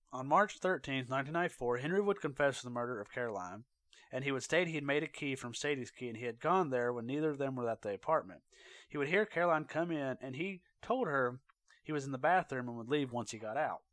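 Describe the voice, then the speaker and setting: A man's voice: mid-range voice, expressive, fast talker, fairly bright tone, no room sound. Casual, dry-voiced man narrating true crime. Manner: conversational, with fillers, self-corrections and asides. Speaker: true crime podcast host.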